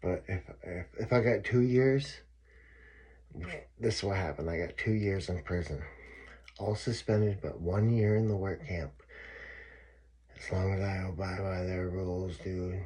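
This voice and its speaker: A man talks straight to his audience in a casual storytelling vlog. His voice sits deep and comes out husky. He swears freely and hammers his points home by saying them more than once. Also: fairly even intonation, normal speed, darkish tone. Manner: profane, emphatic, repeats himself. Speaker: vlogger telling his own story.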